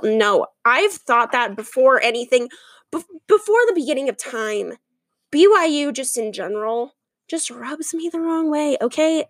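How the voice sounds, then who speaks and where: A woman's voice: a little high, expressive, normal speed, no room sound, studio quality. A woman hosting her podcast in a casual comedic monologue, sarcastic and rambling with lots of fillers, her voice giving out. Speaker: podcast host.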